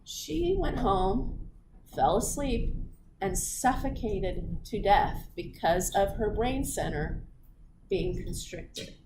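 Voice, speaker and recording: A woman's voice: medium pitch, slow pace. A woman lecturing on physiology to a live class, playful and teasing her students. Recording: room recording with steady background noise.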